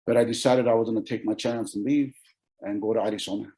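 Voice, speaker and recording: A man in his forties from Oregon gives a keynote testimony about his own life. His voice is gravelly and dark, with a mellow edge. He tells it with feeling, restarting sentences and acting out what people said. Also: on the low side, steady tone, fast talker, low-quality recording. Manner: emotional storytelling with many restarts and quoted dialogue. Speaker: keynote speaker. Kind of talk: personal testimony speech.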